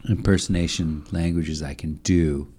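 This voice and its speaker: A man's voice: very deep voice, fairly even intonation, moderate pace, mellow, breathy edge. A man co-hosting a casual sports podcast, joking and rambling through loose banter. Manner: joking, rambling, self-deprecating. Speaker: podcast co-host.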